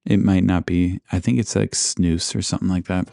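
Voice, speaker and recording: A man hosting a podcast, casually narrating local history in a relaxed, rambling way, with asides and self-corrections. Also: low voice, normal speed, gravelly, no echo, clean studio sound. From Alaska. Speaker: podcast host.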